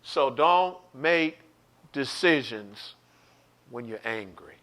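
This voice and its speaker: A man's voice: medium pitch, animated, slow pace, fairly bright tone. A man teaching an online Bible study sermon, preaching with animation, acting out quotes and speaking straight to his listeners.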